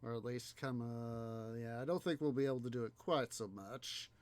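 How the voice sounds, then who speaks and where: A man's voice: medium pitch, fairly even intonation, moderate pace. A man hosting a city-building game video, musing aloud in rambling casual commentary full of fillers. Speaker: let's play host.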